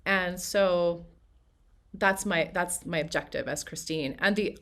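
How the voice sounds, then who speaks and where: A woman with a slightly low voice leads a casual workshop for singers. She explains acting technique in a loose, conversational way, often pausing on fillers and correcting herself mid-sentence. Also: a bit bright.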